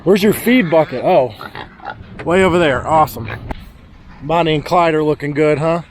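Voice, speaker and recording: A homesteading vlogger talks at a normal speed while casually filming outdoors on his farm, with a slight hiss or hum in the recording. Slightly out of breath as he hurries about, he chats to his goats and calls out to his animals in a high voice.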